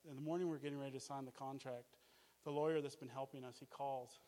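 A middle-aged man and missions base director preaching a testimony in an animated storytelling style, with laughs and exclamations. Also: mid-range voice, fast talker. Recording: long reverb of a hall.

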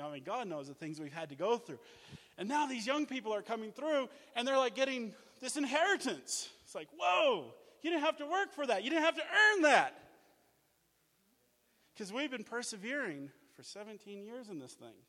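A man from Australia preaching a sermon, energetic and jokey, telling stories and acting out what people said. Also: high voice, big-room sound. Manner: energetic, animated, jokey, acts out quotes. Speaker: guest preacher, mission leader. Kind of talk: sermon with storytelling. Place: church.

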